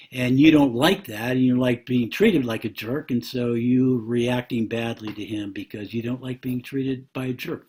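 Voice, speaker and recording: A man's voice: medium pitch, darkish tone, slightly rough. A man giving an earnest sermon-style teaching, repeating phrases and rising sharply on rhetorical questions.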